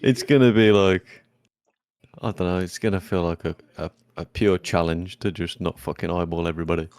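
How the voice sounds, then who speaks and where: A man's voice: low voice, steady tone, a little fast, darkish tone, dry recording. A man co-hosting a podcast, hesitant and swearing, laughing often in casual chat. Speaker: podcast co-host.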